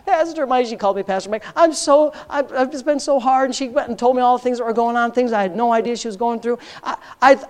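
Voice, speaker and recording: A middle-aged man, a pastor, telling testimony stories in a sermon, his voice climbing to impassioned near-shouting. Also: very high voice.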